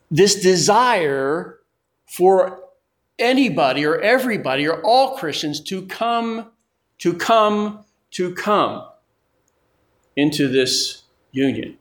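A male preacher delivers a sermon at an unhurried pace. His voice sits a little high, and he drives his points home by repeating words. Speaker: pastor.

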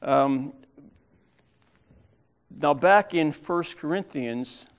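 A man preaching a sermon in church, explaining Bible verses step by step and reading scripture aloud with pauses. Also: a little high.

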